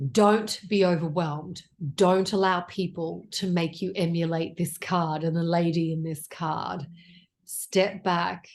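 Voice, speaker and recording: An Australian woman in her forties giving a casual tarot reading, blunt and chatty, with plenty of swearing. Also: mid-range voice. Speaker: tarot reader.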